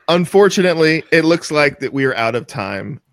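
A man's voice: fairly high pitch, lively intonation, normal speed, no room sound. Male talk show host, loose and jokey, dry close sound. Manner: loose and joking, laughs often. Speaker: podcast host. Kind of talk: casual call-in show chat.

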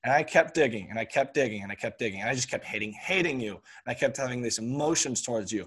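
A man in casual conversation, earnestly explaining his point through a long analogy and often clearing his throat. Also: medium pitch, animated, fast talker, fairly bright tone.

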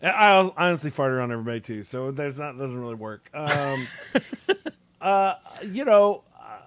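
A man's voice: mid-range voice, big pitch swings, normal speed, very noisy. A man in his thirties hosting a podcast in casual chat, joking and teasing his guests. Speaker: podcast host.

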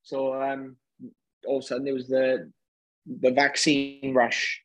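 A man's voice: mid-range voice, monotone, unhurried, rough recording. A Welsh man chatting casually as a guest, rambling with many hesitations. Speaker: guest, UFC fighter. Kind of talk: casual chat.

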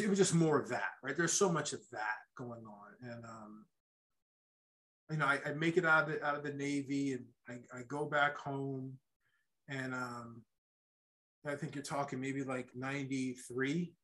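A middle-aged man telling his own life story in a casual, halting way, with many restarts and a habit of checking in with "right?". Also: mid-range voice, pushed and bright, rough recording. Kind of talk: casual spoken testimony.

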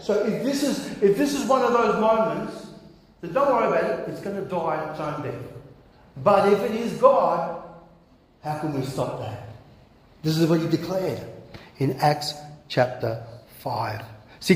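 Man preaching in an echoey hall. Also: fairly high pitch. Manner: animated, conversational, repeats words and acts out quotes. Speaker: pastor. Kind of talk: sermon. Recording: echoey hall with long reverb.

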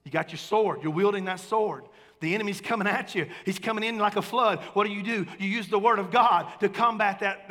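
Male pastor mid-sermon, bright and ringing tone, conversational call-and-response, long church echo. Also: high voice. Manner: conversational, calls for amens, swings between quiet and emphatic. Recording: long hall reverb.

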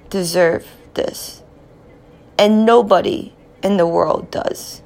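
A woman speaking slowly in an emotional personal monologue, grieving and tearful, often dropping to a near whisper. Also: medium pitch, vocal fry, a little mellow. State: tearful, in grief.

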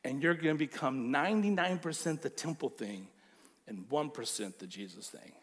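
A man preaching a sermon as pastor, animated and emphatic. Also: a little high, normal speed.

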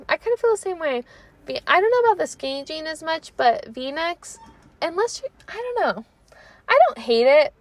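A woman's voice: sits high, no room sound. Chatty young woman podcast host. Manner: chatty, animated, lots of likes and trailing off. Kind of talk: casual chat.

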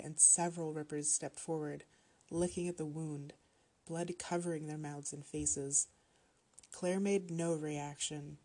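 Reading a horror story, the female narrator stays calm, even, and measured. Her voice is low with a husky texture throughout.

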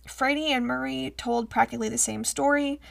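A woman's voice: high-pitched, steady tone, brisk, creaky. A woman co-hosting a podcast, reading old news reports aloud in a chatty way and joking between passages. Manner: chatty, laughs and jokes while reading. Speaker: podcast co-host.

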